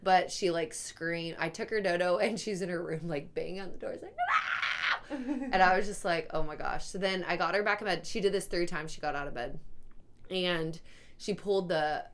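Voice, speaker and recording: A woman's voice: lowish voice, fairly quick, a little hiss or hum. A young pregnant woman in casual chat, telling a long story with plenty of "like" fillers. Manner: rambling, filler-heavy storytelling.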